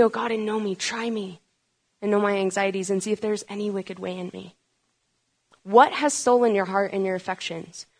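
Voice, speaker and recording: A woman preaching a sermon, asking rhetorical questions and building to urgent, emphatic peaks. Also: mid-range voice.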